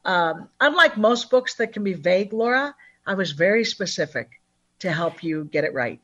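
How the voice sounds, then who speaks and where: A woman talking as a numerologist guest in an interview, upbeat and chatty, acting out other people's lines in lively voices. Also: mid-range voice, moderate pace, muffled recording. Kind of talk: phone-in interview, animated and chatty.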